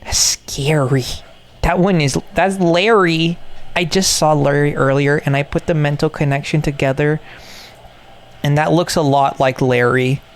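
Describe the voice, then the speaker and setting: Video maker riffing on toys; gravelly fry, mid pitch, repetitive ironic jokes. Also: fairly even intonation, unhurried. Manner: jokey, repetitive, ironic asides. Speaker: video maker reacting to toy content. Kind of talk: rambling reaction commentary.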